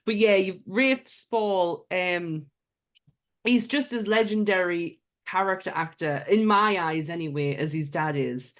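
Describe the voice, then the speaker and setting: A woman co-hosting a podcast in casual chat, excitable and swearing freely. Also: on the low side, a little slow. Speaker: podcast co-host.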